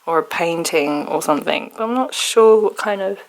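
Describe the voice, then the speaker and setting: A young woman talking casually as a vlogger, soft-spoken and chatty, rambling a little. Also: on the low side, moderate pace, low-quality recording. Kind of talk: casual vlog chat.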